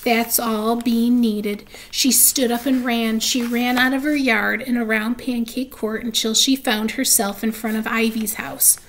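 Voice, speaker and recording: A woman reads a children's chapter book aloud in a fairly high voice. Between passages she describes the pictures for her listeners. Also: steady tone, a little slow, hardly any pauses, a little hiss or hum, rough recording. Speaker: reader.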